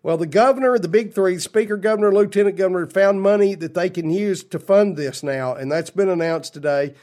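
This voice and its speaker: A man's voice: high voice, a little fast, darkish tone. A man hosting a political talk radio show, blunt and opinionated, reading news quotes with his own asides.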